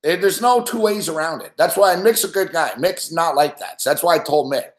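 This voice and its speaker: A man's voice: on the high side, fairly quick. Profane, rambling man host in an echoey room. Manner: profane, rambling, laughs often. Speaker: sports betting show host. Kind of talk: casual live-stream rant.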